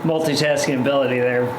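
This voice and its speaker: A man joining a podcast as a guest, easygoing and a little halting, laughing along. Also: mid-range voice. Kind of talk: casual chat. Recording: roomy, noisy distant call audio.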